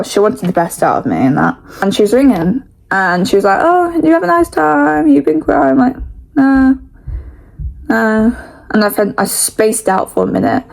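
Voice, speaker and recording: A woman's voice: mid-range voice, darkish tone, rough recording. Chatty, sweary English teen girl. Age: late teens. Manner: rambling, frequent "like", sweary and frank. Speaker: vlogger. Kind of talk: casual chatty storytelling.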